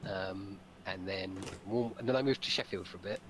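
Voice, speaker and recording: Southern English man, lower voice, easygoing sidekick on a stream, faint hiss. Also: moderate pace. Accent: southern English, Dorset at times. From Dorset, England. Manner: laid-back, brief replies, chuckles along. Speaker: friend of the host. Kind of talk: casual chat.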